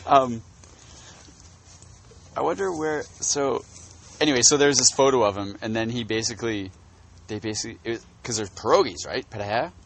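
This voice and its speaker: A man co-hosting a casual podcast outdoors on the grass, telling stories in a rambling, halting way with lots of restarts. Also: mid-range voice, creaky. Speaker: podcast co-host. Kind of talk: casual chat. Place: outdoors on grass in a field full of bugs.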